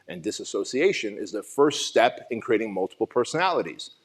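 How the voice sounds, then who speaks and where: A man in his forties from Armenia stands on a conference stage, giving a motivational talk at a summit. His fairly low, sing-song voice moves fairly quickly over a noisy background as he tells his own story, raw, emotional and full of swearing.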